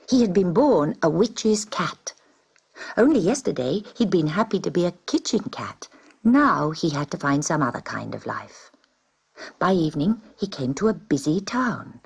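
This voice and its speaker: A woman narrating a children's storybook with a lively, swooping delivery. Her rather low voice has a husky, gravelly texture, and she often sinks into a hushed whisper to draw the listener in. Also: normal speed. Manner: expressive, drops to a hushed whisper at times. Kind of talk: storybook reading.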